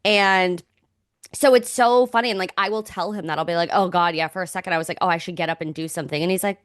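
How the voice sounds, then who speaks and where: A woman's voice: on the low side, fast talker, dry recording, clean studio sound. A young woman co-hosting a podcast in casual chat, frank, with mild swearing and constant "like". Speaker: podcast co-host.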